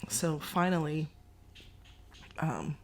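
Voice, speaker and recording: A woman, a podcast host telling a story in a casual, animated way and acting out other people's lines. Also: sits low, drawn-out words. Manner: animated, voices others in quotes, Southern-style "y'all".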